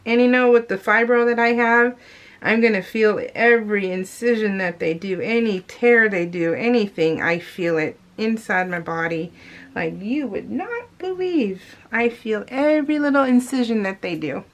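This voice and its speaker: A woman with a slightly raised pitch talks in a loose, rambling way, as if chatting with friends. She keeps addressing her viewers directly while she works through a scrapbooking page. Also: expressive, moderate pace, lo-fi sound. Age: adult. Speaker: scrapbooking vlogger. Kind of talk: casual chat voiced over crafting.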